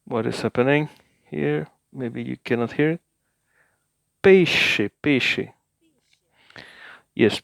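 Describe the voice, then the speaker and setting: Slow, hesitant man giving a lesson. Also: mid-range voice, gravelly, fairly bright tone, dry recording, studio quality. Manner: hesitant and thinking aloud, with many filler sounds; repeats words slowly for the listener. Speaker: language-learning video host. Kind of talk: casual spoken language lesson.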